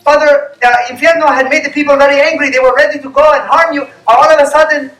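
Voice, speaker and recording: A man's voice: extremely high pitch, fairly even intonation, fast, fairly bright tone, roomy sound, recorded from a distance, voice pushed up, rough recording. A man doing an earnest, apologetic villager.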